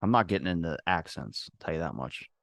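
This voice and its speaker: A man's voice: deep voice, expressive, quick pace, creaky, a bit bright, no echo, clean studio sound. A man with a Maryland accent hosting a podcast, trading crude jokes in casual chat. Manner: jokey, crude banter. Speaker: podcast host.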